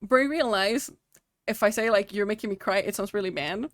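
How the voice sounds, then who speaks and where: A woman live-streaming and chatting casually to her viewers, emotional and quick to laugh, swearing freely. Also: medium pitch, a little hiss or hum. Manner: talks to her chat directly. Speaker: livestream host.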